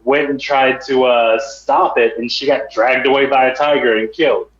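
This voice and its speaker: Deadpan man on a roomy lo-fi mic. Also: medium pitch, moderate pace, noisy background. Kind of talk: casual chat. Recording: roomy, dull lo-fi sound.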